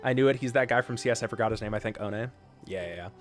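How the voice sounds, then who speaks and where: A man's voice: fairly low pitch, fast talker, faint music behind. An American man streaming a game live, chatting casually and teasing his viewers in a loose, joking way that often trails off into fillers. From United States. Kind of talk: live-stream chat while gaming.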